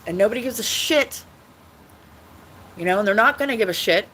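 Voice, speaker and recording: A woman's voice: mid-range voice, expressive, a little fast, fairly bright tone, a little hiss or hum, low-quality recording. A woman talking casually on her own livestream, rambling with many restarts and frequent swearing. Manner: rambling, repetitive, swearing often. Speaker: livestream host.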